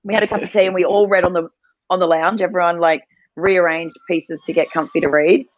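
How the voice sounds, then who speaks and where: A woman's voice: on the low side, steady tone, a little fast, dry recording, dull audio. A woman co-hosting a morning mindset session, telling a family story in a chatty, rambling way and laughing often. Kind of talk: casual chat, storytelling.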